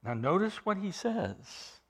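A male preacher giving a sermon, emphatic, building up to loud stressed phrases and dropping to quiet asides. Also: sits high, big pitch swings, slow pace, breathy edge.

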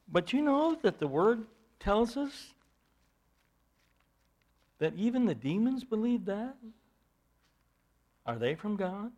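Slow, high-voiced male preacher. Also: very animated, a little mellow. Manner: slow, emphatic scripture teaching with rising bursts of volume. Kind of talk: sermon.

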